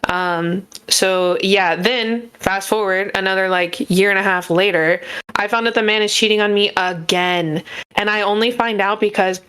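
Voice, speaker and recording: A young woman chatting on a podcast, telling her own stories in a frank, animated way. Her voice sits in an ordinary middle range and she swears without holding back. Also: medium pitch, normal speed, clean tone. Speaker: podcast co-host. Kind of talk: casual storytelling chat.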